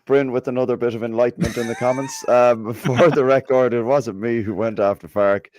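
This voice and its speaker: A man's voice: mid-range voice, steady tone, fairly quick, a little mellow, a little hiss or hum. A man hosting a football fan podcast in casual chat, reading out listener comments and swearing freely. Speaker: podcast host.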